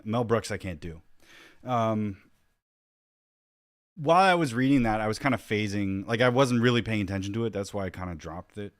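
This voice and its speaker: A man's voice: low voice, no echo. A man giving casual reaction commentary, rambling and restarting his sentences as he thinks aloud. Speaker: YouTube commentator.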